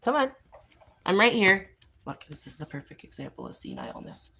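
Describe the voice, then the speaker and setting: A woman's voice: mid-range voice, huge pitch swings, a little fast, creaky, pushed and bright, breathy edge, low-quality recording. A woman hosting a casual livestream outdoors by a pool, talking loosely and profanely while coaxing her dogs along. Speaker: livestream host.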